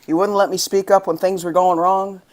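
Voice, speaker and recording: A spoken word poet from the United States, reading verse in a rhythmic, impassioned voice. The delivery keeps rising into angry emphasis at mid pitch. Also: level tone, moderate pace. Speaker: guest poet.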